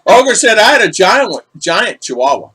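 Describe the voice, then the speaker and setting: A man's voice: high voice, sing-song, normal speed, pushed and bright, slightly rough. A middle-aged man hosting a casual livestream, chatting and greeting viewers in the chat by name. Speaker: vlog host reading live chat.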